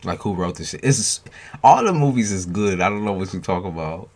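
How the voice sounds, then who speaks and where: A man's voice: deep voice, animated, fairly quick, a little mellow. A man hosting a late-night tarot live stream, chatting loosely with viewers by name, swearing freely and joking, sounding tired.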